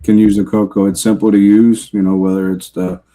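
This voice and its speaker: A man co-hosting a live podcast, speaking in a soft-spoken, halting way. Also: lowish voice, little pitch movement. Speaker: podcast co-host. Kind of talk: casual live podcast chat.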